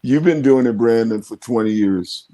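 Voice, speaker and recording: A man's voice: mid-range voice, moderate pace, dark tone. A man in his seventies, a veteran car dealer, telling stories and giving advice in folksy, colloquial casual talk. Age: 70s.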